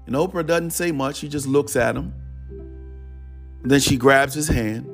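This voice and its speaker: A man delivers a sermon as a casual, rambling story at a mid-range pitch. He leans on repeated "he said" tags as he tells the parable. Soft instrumental music sits faintly behind his voice. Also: steady tone, a little slow, long pauses. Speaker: preacher.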